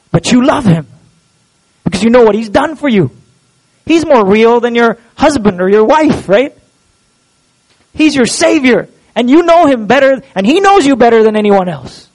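Man, pastor, high voice, earnest sermon, rhetorical questions. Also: rough recording. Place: church.

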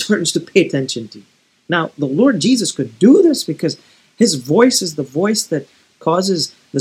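A male pastor delivers a sermon in an earnest, pleading way, stumbling and restarting his phrases as he goes. His voice is husky and a little breathy, sitting at an ordinary middle pitch. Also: rough recording.

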